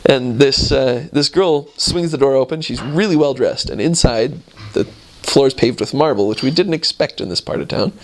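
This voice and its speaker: A man's voice: mid-range voice, moderate pace. A man in his thirties, a returned missionary, telling stories from his mission and acting out the voices of the people in them. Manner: animated, acts out voices in his anecdotes. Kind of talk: storytelling talk.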